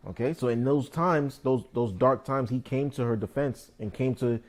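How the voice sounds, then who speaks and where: A man's voice: medium pitch, normal speed. A man leading a scripture study, explaining verses in casual slangy talk and laughing often. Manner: laughs often, acts out scenes in slangy voices. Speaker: teaching officer.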